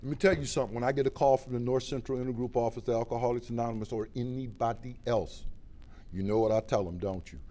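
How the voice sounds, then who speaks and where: A middle-aged man from Ohio, giving a plain-spoken personal testimony at a recovery meeting, swinging between loud and quiet. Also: medium pitch, steady tone, quick pace. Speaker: recovery speaker.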